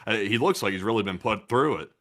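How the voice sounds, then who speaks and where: A man's voice: lowish voice, lively intonation, fast, a bit bright. A tired man co-hosting a late-night live news stream, rambling with many hesitations as he reads reports. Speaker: livestream news co-host reading chat questions.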